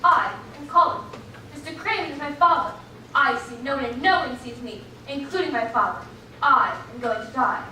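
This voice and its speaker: A woman's voice: high voice, moderate pace, bright, forceful tone, a little hiss or hum. A young woman acting as a sickly, spoiled bedridden boy heir on a school stage, petulant and commanding. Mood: gloomy. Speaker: student actor. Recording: echoey stage from far off.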